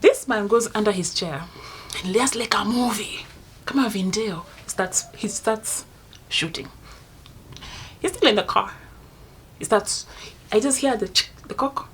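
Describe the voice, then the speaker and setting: A young woman with a Kenyan accent tells a story to her channel's viewers in a lively, theatrical way. She jumps from loud bursts to hushed, near-whispered asides. Her voice sits in a mid range, with a faint hiss in the background. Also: mid-range voice. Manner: dramatic storytelling, swinging between loud outbursts and hushed asides. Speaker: vlogger. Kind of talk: casual storytime monologue.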